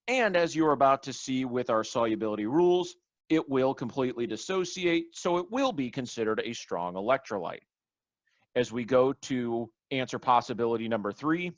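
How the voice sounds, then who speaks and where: A man's voice: medium pitch, no room sound. A man giving a recorded online chemistry lecture, explaining step by step through exam examples.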